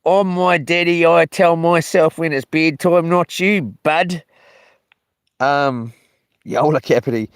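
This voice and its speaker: Slow-talking man vlogger, smooth dry voice, rambling and a bit rough-mouthed. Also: on the high side, dry recording. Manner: meandering, loses his thread, mild cursing. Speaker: solo camping vlogger reading live chat. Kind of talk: casual rambling live chat.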